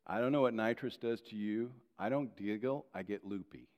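A pastor giving a sermon and telling a story about himself. He is animated, moving between loud emphasis and quiet asides. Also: lowish voice, normal speed, few pauses, lo-fi sound. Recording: long reverb of a large hall.

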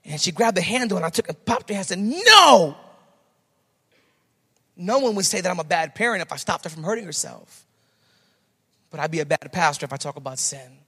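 A male pastor preaches with a notably high voice, leaning hard on repeated phrases to drive each point home. His words ring out with a long reverb tail that fills the church around him. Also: expressive, quick pace, fairly bright tone, breathy edge. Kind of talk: sermon.

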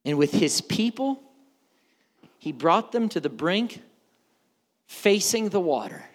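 Male pastor, lively and joking sermon delivery, long hall reverb. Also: sits high, takes it slowly. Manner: animated, joking, acts out quoted voices.

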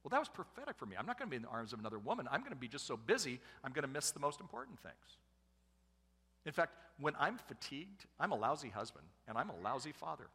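Fast and breathy-edged, a mid-range male voice delivers a sermon to a congregation, loose, jokey and chatty. This middle-aged pastor and family speaker sounds bright and forceful with widely varying pitch, while a big church hall leaves a long reverb after every phrase.

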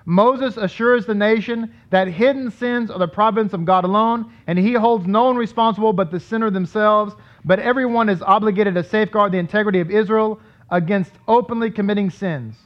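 A man's voice: high voice, fairly quick, few pauses. A man, a rabbi, teaching Torah to his congregation in a casual, digressive way, often acting out the people he quotes. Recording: dull lo-fi recording.

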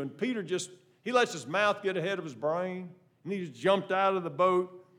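A man preaching a sermon, moving between loud emphatic lines and soft, quiet asides. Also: high voice, lively intonation, normal speed. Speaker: pastor.

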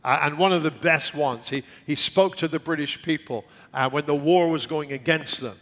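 A middle-aged man preaching a sermon earnestly, repeating key words and often dropping to a hushed near-whisper. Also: fairly high pitch, normal speed. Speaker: pastor.

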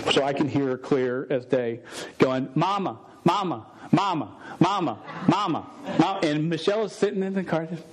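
A man's voice: on the high side, low-quality recording. A man preaching a sermon, casual and sarcastic, often stumbling over words. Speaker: pastor.

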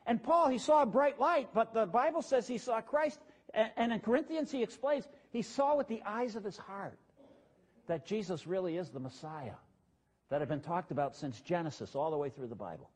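A pastor with a strikingly high, husky voice preaches in a relaxed, everyday way. He talks to his congregation like he's chatting with them, dropping asides as he goes. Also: moderate pace. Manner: casual, plain-spoken preaching with asides to the congregation. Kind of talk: conversational sermon.

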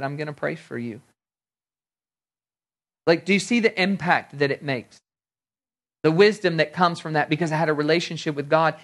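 A man preaching a sermon, telling personal stories in a conversational way and acting out the dialogue. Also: mid-range voice. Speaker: pastor.

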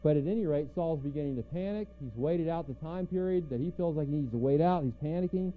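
A man preaching a conversational sermon, teaching verse by verse and asking rhetorical questions. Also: a little high. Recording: tinny phone-like sound with faint music.

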